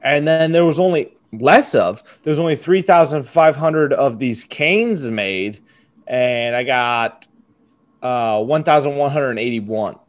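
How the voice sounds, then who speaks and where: A man's voice: mid-range voice, lively intonation, slow. A young man co-hosting a comedy podcast, riffing into profane mock rants with sudden yelped outbursts. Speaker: podcast co-host. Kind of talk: casual comedic chat.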